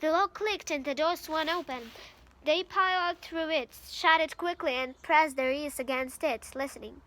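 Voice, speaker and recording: A woman's voice: high voice, normal speed, a bit bright. A woman from Ukraine reads a novel aloud in English, reading carefully and sometimes stumbling and restarting. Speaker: reader.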